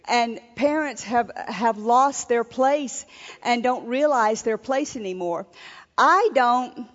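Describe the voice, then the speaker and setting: A woman's voice: fairly high pitch, slow pace. A woman minister giving an earnest sermon at a marriage seminar, with frequent restarts. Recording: lo-fi recording in a reverberant hall.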